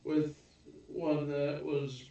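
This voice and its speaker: A man chips in slowly and hesitantly, correcting his own words. His slightly raised voice sounds dull and distant, rolling around a very roomy space. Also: fairly high pitch, level tone, creaky, dark tone. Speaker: podcast co-host. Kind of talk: casual chat. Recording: echoey room, distant muffled mic.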